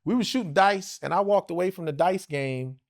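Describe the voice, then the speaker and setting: An interview guest in his forties from the United States tells a rowdy, profane story at a normal speed, his voice sitting high. He is animated and voices other people's lines as he tells the story casually.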